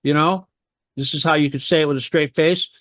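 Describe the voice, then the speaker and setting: A man's voice: fairly high pitch, fairly even intonation, a little fast, a bit bright, no echo, studio quality. A man talking on a radio talk show, rambling and heated, firing off rhetorical questions.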